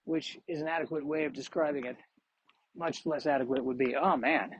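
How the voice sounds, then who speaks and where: A man's voice: a little high, steady tone, fairly quick, breathy edge, no echo. A man hosting a solo podcast while walking outdoors, talking in meandering, self-deprecating musings. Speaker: podcast host. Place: outdoors on a street. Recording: muffled lo-fi outdoor recording.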